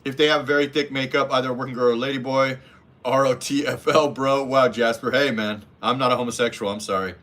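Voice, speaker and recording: A man's voice: mid-range voice, steady tone, fast, a bit bright. A man hosting a casual livestream, reading chat and giving blunt, profane dating advice. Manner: blunt, profane, mimics voices in anecdotes.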